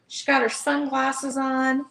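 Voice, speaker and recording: A woman's voice: high voice, level tone, slow, creaky, sharp tone. A woman hosting a live online book sale, chatty and upbeat, calling out bids. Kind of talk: casual live auction chat. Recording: echoey room.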